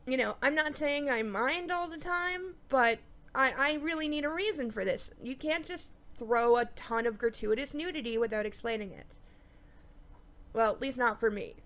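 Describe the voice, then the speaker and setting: A woman with a stuffy nose giving a chatty, animated review of a TV episode, with lots of ums. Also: sits high, normal speed. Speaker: TV show reviewer. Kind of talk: casual episode review vlog.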